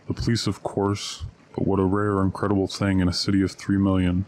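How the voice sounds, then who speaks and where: A man reading a short story aloud, narration and dialogue in one steady, low-key voice. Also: a little fast, slight background noise.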